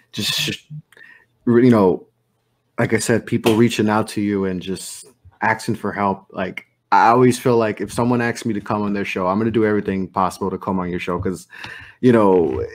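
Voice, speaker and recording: A young man hosting a podcast, talking reflectively in an easygoing way. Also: lowish voice. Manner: reflective, easygoing, lots of fillers. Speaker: podcast host. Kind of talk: casual podcast conversation.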